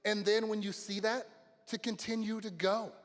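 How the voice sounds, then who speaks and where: A man giving a graduation speech as a lively story, shouting the exciting parts. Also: sits high, normal speed. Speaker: graduation speaker. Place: large graduation venue. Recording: long reverb of a large hall.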